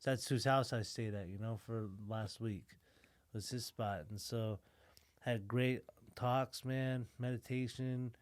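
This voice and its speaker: A man co-hosting a podcast in casual chat, relaxed and laid-back, swearing now and then. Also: mid-range voice, slow, no echo. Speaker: podcast co-host.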